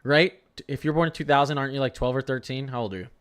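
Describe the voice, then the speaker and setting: A man's voice: mid-range voice, fairly even intonation, rapid-fire, clean tone. A young man hosting a live severe-weather stream, chatting casually and teasing his viewers. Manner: joking, talks to chat, frequent laughs. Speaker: livestream weather host.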